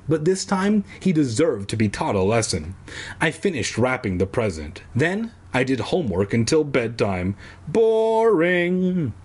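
A man's voice: mid-range voice, breathy edge. A man from San Diego casually reading a kids' book aloud, with jokey asides and offhand swearing. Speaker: reader.

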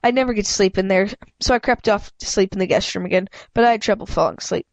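A woman's voice: mid-range voice, fast, vocal fry. A woman with a head cold reading a children's story aloud in a casual, stumbling way, often restarting words and making asides. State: stuffed up with a cold. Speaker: amateur audiobook reader. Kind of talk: casual read-aloud narration.

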